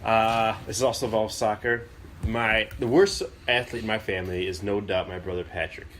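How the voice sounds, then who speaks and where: Man, low voice, casual storyteller, easy laugh, faint room hum. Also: normal speed. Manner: storytelling, laughs through anecdotes, animated when mimicking his dad. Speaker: podcast co-host. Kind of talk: casual chat.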